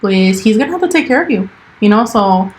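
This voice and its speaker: A woman's voice: mid-range voice, expressive, fairly quick, a little hiss or hum, poor audio. Bilingual young woman telling a story. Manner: switches between English and Spanish, lots of "like" and "dude". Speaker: podcast co-host. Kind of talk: casual storytelling chat.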